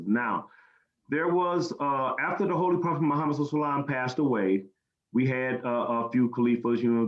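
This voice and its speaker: An American man answers interview questions in an earnest, plain-spoken way, repeating words as he gathers his thoughts. His voice sits in a roomy space, and the recording sounds dull and lo-fi. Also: medium pitch. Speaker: guest speaker.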